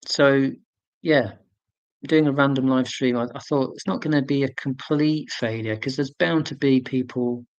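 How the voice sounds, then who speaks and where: A man's voice: mid-range voice, fairly even intonation, moderate pace, dry recording, dull audio. A man in his forties hosting a casual live stream. He rambles chattily, answering viewer comments with fillers and self-corrections. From United Kingdom.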